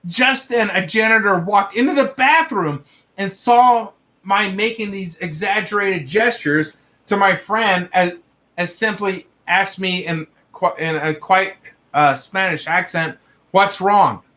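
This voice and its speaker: A man's voice: high voice, measured pace, bright, forceful tone. A young man hosting a livestream, reading viewer stories aloud and breaking off to laugh and swear in reaction.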